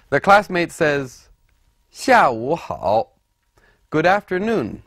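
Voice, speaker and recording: Male teacher for scripted lesson narration: unhurried, deliberate, very animated intonation, dry studio sound. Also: fairly high pitch, no echo. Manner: deliberate, explanatory, models words by repeating them. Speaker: language teacher.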